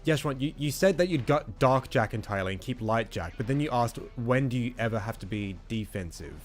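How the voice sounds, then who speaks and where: Blunt, fast-talking man hosting a stream. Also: medium pitch, animated. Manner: blunt, challenging, takes charge of the debate. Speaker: streamer host. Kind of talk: casual stream discussion.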